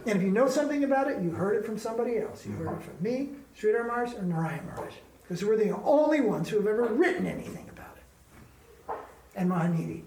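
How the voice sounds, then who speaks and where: A man's voice: high voice, expressive, a little fast, darkish tone, slight background noise. A man teaching a spiritual class in an ashram, talking casually and emphatically and asking rhetorical questions. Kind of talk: informal spiritual class talk. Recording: roomy echo.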